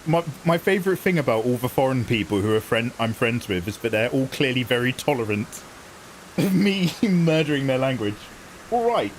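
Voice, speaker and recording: A man's voice: medium pitch, expressive, moderate pace, a little hiss or hum, rough recording. A man chatting casually with viewers during a live game stream, playful and joking with a lot of laughter. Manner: playful, jokey, laughing often, hamming up mangled French. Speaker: game livestreamer.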